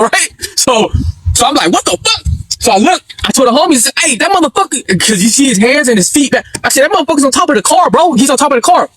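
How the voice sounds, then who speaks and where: A man with a high, husky voice races through a wild story on his livestream. His delivery is slangy and full of swearing, and he jumps into loud acted-out shouts and laughs. The sound is close and dry. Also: no room sound. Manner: animated, acts out quotes with yelps and laughs; slangy street talk, swears freely. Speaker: livestream host.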